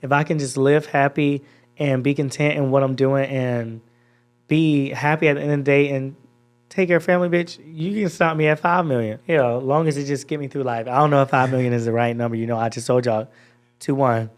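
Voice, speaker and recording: A man's voice: mid-range voice, fairly even intonation, a little fast. A man in his twenties from Georgia, a guest on a podcast who talks in a laid-back way and swears casually. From Georgia, USA.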